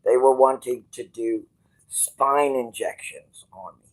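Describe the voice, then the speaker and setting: A man's voice: mid-range voice, slow, low-quality recording. Blunt, profane man talking from a hospital bed. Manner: swings from quiet musing to loud outbursts. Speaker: streamer. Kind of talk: rambling livestream talk.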